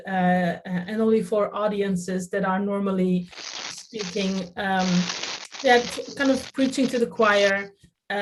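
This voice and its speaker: Speaking in a medium-pitched, darkish voice over a slight hiss or hum, a festival artistic director from the Netherlands, in her thirties, talks reflectively about her theater career in an interview. She hesitates a lot, filling pauses and restarting her sentences.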